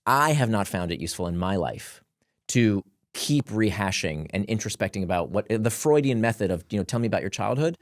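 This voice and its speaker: A man, a guest author, explaining his ideas in casual conversation, animated and laughing between points. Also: fairly low pitch, brisk, no room sound, studio quality.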